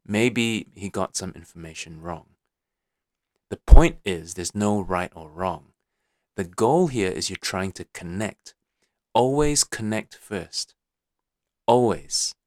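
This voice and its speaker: A man hosts a motivational podcast, coaching his listeners, repeating his points, and often checking in with "okay?" He uses many fillers and restarts. His lowish voice is captured in a clean studio with no room sound.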